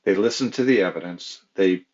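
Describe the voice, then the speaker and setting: A man's voice: low voice, fairly quick, darkish tone. Man judge on dull lo-fi audio. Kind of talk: expert discussion.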